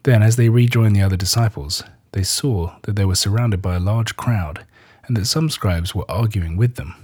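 A lowish, husky male voice reads scripture at a measured pace. He lifts the quoted lines with a gentle touch of drama and keeps the narration calm and steady. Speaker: scripture reader.

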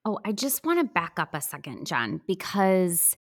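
A woman hosts an interview in a fairly low voice. She speaks sympathetically and sums up what her guest has told her. The sound is dry and close. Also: sing-song, moderate pace, no room sound. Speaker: podcast host.

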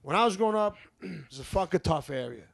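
A young man with a New York accent, talking in a casual chat and heating up into profane rants. His voice sits notably high for a man. He swears freely and pushes his points hard. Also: animated, fast, gravelly. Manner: profane, heated ranting. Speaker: podcast co-host.

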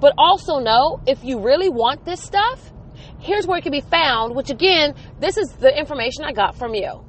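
A woman's voice: sits high, lively intonation, normal speed, slight background noise. A middle-aged woman talking casually, venting and retelling conversations in quotes. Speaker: mother vlogging about her day. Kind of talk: casual storytelling monologue.

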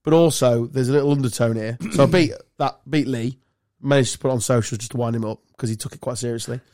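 A man's voice: mid-range voice, fairly even intonation, quick pace, darkish tone, dry recording, studio quality. A man co-hosting a podcast, telling loose, sweary, laughing stories in casual banter. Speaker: podcast co-host.

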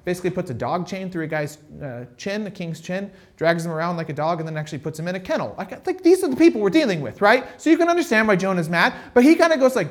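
Man preaching, casual sermon, high voice, lively swooping pitch, chatty asides. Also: fast, few pauses. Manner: lively, animated, conversational storytelling with frequent "right?" and "like". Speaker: pastor.

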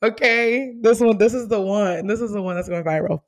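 A young adult woman hosting a podcast in casual chat, animated and quick to laugh, with playful teasing. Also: medium pitch. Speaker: podcast host.

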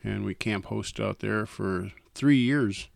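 A man's voice: lowish voice, slow pace, gravelly, no room sound, clean studio sound. An older man from North Dakota, a guest telling stories in an easygoing, folksy way. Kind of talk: casual interview chat.

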